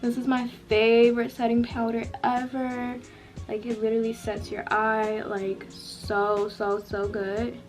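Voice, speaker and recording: A woman's voice: on the high side, flat delivery, measured pace, a little mellow, soft background music. A young woman, casually talking viewers through a makeup tutorial, chatty and full of fillers. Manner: chatty, filler-heavy, addresses viewers directly. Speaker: beauty vlogger.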